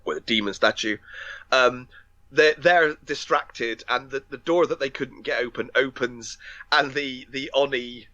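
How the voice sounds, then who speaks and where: A man's voice: mid-range voice, unhurried, pushed and bright, no echo, muffled recording. A man co-hosting a podcast, retelling a film plot in casual chat with lots of fillers, restarts and laughter. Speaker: podcast co-host.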